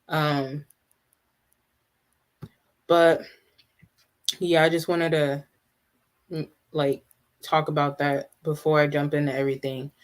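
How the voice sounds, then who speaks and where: Chatty live streamer reacting to chat. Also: medium pitch. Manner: chatty, answers live viewers' comments; halting, many restarts and asides.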